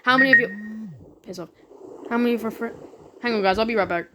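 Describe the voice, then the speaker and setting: A woman with a somewhat high voice hosts a let's play, reading a text game aloud and breaking off for excited, casual asides. Her throat is sore, and steady background noise sits under the recording. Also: fast. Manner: casual, excitable, reads dialogue with feeling.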